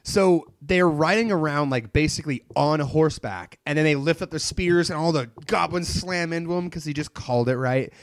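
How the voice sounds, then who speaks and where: A man's voice: on the high side, moderate pace, hardly any pauses, no echo. A young man chatting casually, retelling a story with energy, swearing freely and acting out characters' lines. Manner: animated, profane, retells plot with quoted lines. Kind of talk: casual chat.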